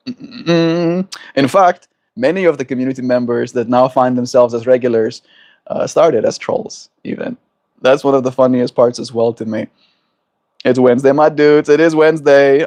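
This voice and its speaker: Greeting viewers warmly by name, a livestream host with a mid-range voice keeps his daily show casual, relaxed, and upbeat.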